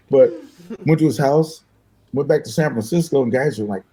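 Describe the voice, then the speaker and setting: An older man, a guest musician, telling animated, fast-paced stories in an interview and acting out the voices of the people in them. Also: medium pitch, low-quality recording. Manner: fast-talking, acts out voices in his stories, laughs often.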